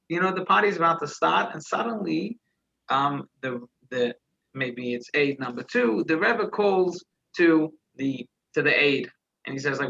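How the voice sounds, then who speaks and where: A man's voice: a little high, animated, a little slow, creaky, sharp tone, breathy edge, lo-fi sound. A man, a rabbi, telling a story in a conversational Torah class, searching for words and restarting his phrases as he goes.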